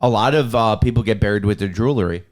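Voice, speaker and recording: A man's voice: on the low side, quick pace. A man co-hosting a podcast, chatting casually about a film and joking around. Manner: animated, joking, laughs often. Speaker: podcast co-host. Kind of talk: casual film review chat.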